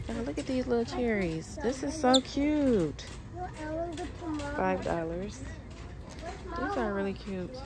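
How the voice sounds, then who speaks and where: Walking through a big store with her phone in hand, a woman chats straight to her vlog viewers, calling them "y'all" again and again. Her mid-range voice is expressive and moves at a normal speed. The phone audio picks up clear background noise.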